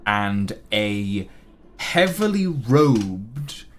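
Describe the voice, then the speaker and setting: Slow, lively-pitched male game master. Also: slight background noise. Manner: relaxed, unhurried, full of fillers. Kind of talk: narrating a tabletop game.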